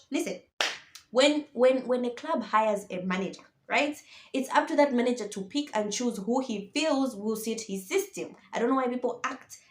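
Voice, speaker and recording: A woman ranting about football in a casual vlog, animated and exasperated, firing off rhetorical questions. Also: a little high, reverberant. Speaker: football vlogger. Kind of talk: opinionated casual monologue.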